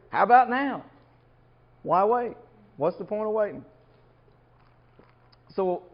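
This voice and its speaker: A man giving an informal Bible lesson as a lay preacher, talking conversationally and asking the room questions. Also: sits high. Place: church or coffeehouse meeting room. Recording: dull lo-fi live recording.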